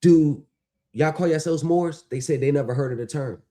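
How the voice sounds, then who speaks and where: A man hosting a livestream, talking in an animated, mocking rant that is full of profanity and rhetorical questions. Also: fairly high pitch, moderate pace. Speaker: stream host. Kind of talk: ranting livestream talk.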